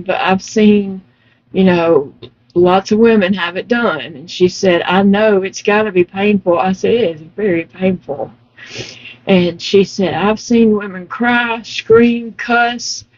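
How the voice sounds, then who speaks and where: A woman chats slowly while crocheting, stressing her points and laughing often. Her voice sits at an ordinary middle pitch. The recording sounds muffled and lo-fi. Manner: slow storytelling, emphatic, laughing often. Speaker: vlogger. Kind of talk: casual chat while crocheting.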